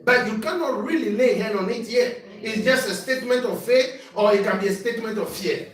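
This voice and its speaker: Male bishop, sermon delivery with call-and-response and shouted peaks; very high voice, recorded far off in a reverberant hall. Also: fairly quick, few pauses. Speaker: bishop preaching. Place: church hall. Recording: echoey church sound from far off.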